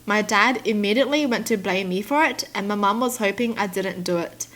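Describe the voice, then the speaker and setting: A young woman reads out stories and reacts to them in animated casual chat, laughing often. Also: mid-range voice, fairly quick. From Australia. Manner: animated, laughs often, slips into mock voices. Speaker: YouTuber reading and reacting to stories.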